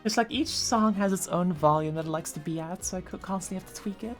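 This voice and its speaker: A woman's voice: fairly low pitch, fast. A woman streamer chatting casually, reading chat aloud, with lots of fillers and restarts. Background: faint background music.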